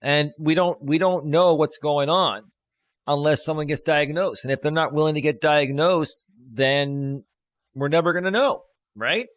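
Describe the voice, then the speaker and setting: A man's voice: a little high, unhurried, no room sound. A man hosting a live stream as a life coach, explaining things casually and reassuring his partner.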